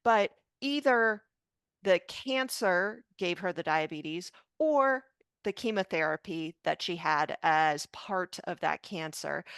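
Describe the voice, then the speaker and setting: This fifties-aged woman, a doctor with children, speaks slowly and earnestly as she emotionally relates a personal experience to an interviewer. Her voice sits on the low side, gravelly yet fairly bright, in a dry recording.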